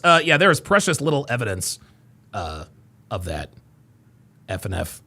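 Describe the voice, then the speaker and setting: A man hosting a live reaction stream, reading viewer comments aloud with loud, crude, mocking banter that swings between yelling and mumbling. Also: fairly high pitch, animated, moderate pace, vocal fry, pauses often. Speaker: reaction show host.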